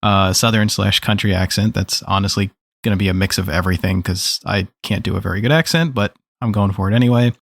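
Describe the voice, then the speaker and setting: A man with a fairly low voice talks easily about his tabletop game, throwing in quick jokes. The sound is close and dry, with no room around it. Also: vocal fry, no room sound. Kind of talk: casual podcast chat about a game.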